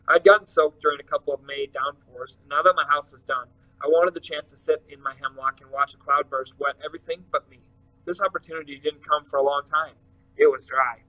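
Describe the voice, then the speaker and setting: Bright-voiced man reading a novel aloud. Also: a little high, poor audio. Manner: steady storytelling narration. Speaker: reader.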